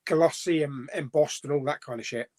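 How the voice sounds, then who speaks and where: Chatty high-voiced man hosting. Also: moderate pace, a little mellow. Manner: chatty, rambling with fillers and restarts. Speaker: host. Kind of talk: casual live-stream chat.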